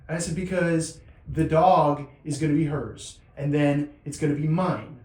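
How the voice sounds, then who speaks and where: A man in his forties hosting a podcast, telling stories in a lively way and acting out the dialogue. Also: a little high, normal speed. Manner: animated storyteller, acts out dialogue. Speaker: podcast host. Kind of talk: casual conversation. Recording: echoey room with some noise.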